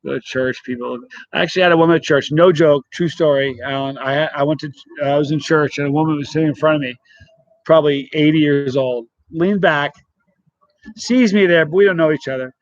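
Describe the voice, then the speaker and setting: Middle-aged male streamer, slightly high voice, rambling chat, dry close mic. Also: a little fast, dry recording, dull audio. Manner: chatty, rambling, greets viewers by name. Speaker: channel host reading live chat. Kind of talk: casual live-stream chat.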